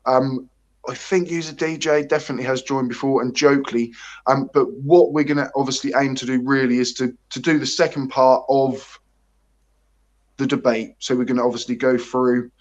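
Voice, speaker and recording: A man's voice: mid-range voice, steady tone, moderate pace, muffled recording. Chatty man hosting a livestream. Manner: chatty, joking, greets viewers by name. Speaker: livestream host. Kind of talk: casual livestream chat.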